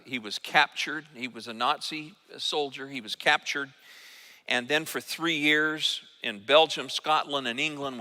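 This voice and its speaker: An older man preaching a sermon as pastor, earnest and emphatic, with halting restarts. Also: mid-range voice, pushed and bright, long reverb tail. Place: church sanctuary.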